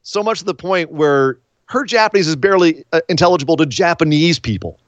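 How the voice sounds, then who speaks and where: An American man co-hosting a wrestling podcast, talking in a rambling, animated casual chat with many fillers. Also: fairly high pitch, fairly quick, no echo, muffled recording. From United States.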